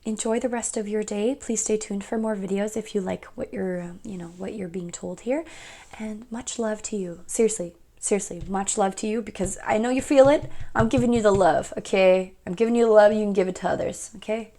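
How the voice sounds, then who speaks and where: A woman's voice: medium pitch, brisk, dark tone. A young woman giving a casual pick-a-card tarot reading, chatty and rambling, often laughing at herself.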